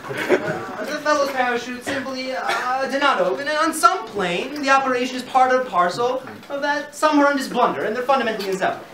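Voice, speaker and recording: A young man playing an offhand, rambling surgeon in an amateur stage skit. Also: extremely high pitch. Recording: echoey hall, far mic, loud hiss.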